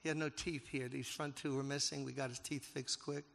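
Gravelly preacher in an echoing hall. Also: male voice, mid-range voice, flat delivery, brisk. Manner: emotional, building to loud emphatic peaks. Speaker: pastor. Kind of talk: sermon storytelling. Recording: long hall reverb.

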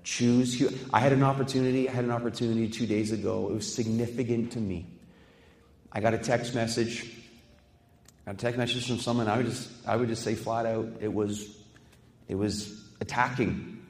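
A man's voice: medium pitch, steady tone, moderate pace, darkish tone. A male pastor preaching a sermon in a conversational way, with rhetorical questions and personal stories. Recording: echoey hall with long reverb.

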